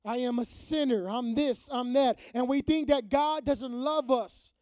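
A man preaching a sermon to a youth group, mixing slangy everyday talk with scripture and dropping to a hushed, prayerful tone. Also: extremely high pitch, no echo, low-quality recording. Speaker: youth pastor.

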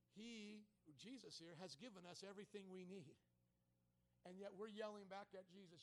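A man with a notably high voice preaches a sermon. He drops into a quiet, low tone when telling stories, then climbs and swells when driving a point home. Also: normal speed. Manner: preaching with swings from quiet to loud. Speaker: pastor.

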